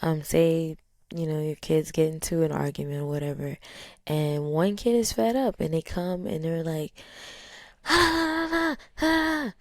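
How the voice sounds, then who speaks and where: A woman hosting a podcast in a casual, reflective way. She talks in a low, even tone that stays calm and steady, with many "um"s and "like"s. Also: moderate pace, dry recording, clean studio sound. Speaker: podcast host.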